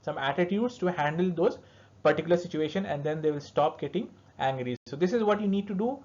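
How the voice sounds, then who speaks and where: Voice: mid-range voice, a little mellow. A lecturer in pediatric dentistry giving a recorded lesson to students, explaining step by step and checking in with "all right" and "okay". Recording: dull lo-fi recording.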